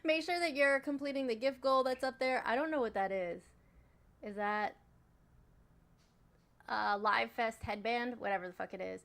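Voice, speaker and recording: A woman runs a casual live stream as its moderator, joking and swearing freely. She is bossy with her viewers. Her voice sits a little high for a woman. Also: normal speed, gravelly, long pauses, a bit bright.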